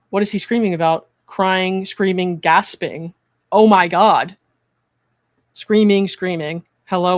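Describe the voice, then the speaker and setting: A psychiatric evaluator hosting a commentary stream, reading a call transcript aloud and then explaining their view in a measured, earnest way. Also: medium pitch, no echo. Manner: measured and earnest, often checking in with "right?".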